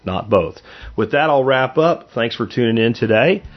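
A man's voice: medium pitch, animated, normal speed, muffled recording. A middle-aged man hosting a show, giving a blunt, earnest motivational monologue that swears now and then. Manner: blunt, earnest, emphatic, with profanity. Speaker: podcast host.

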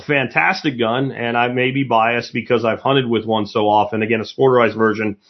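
A man's voice: mid-range voice, dull audio. A man hosting a solo podcast, blunt and opinionated, swearing casually as he rants. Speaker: podcast host.

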